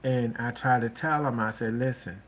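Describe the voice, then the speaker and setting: A man hosting a relationship talk, giving casual advice in a slow, halting way with many restarts and fillers. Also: medium pitch, fairly even intonation, a little hiss or hum.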